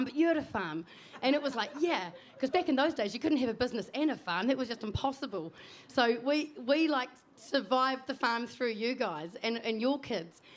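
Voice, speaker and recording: A middle-aged woman hosting a family memorial service in a church, talking in a chatty, rambling way and laughing between asides. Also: a little high.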